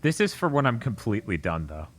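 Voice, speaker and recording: Male streamer, low voice, very animated, playful joking gameplay chat. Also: fast. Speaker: streamer, co-host.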